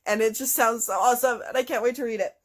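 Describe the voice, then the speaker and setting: A woman chatting casually and excitedly through a book haul, full of little fillers. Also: fairly high pitch, fast, noisy background. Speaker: book vlogger.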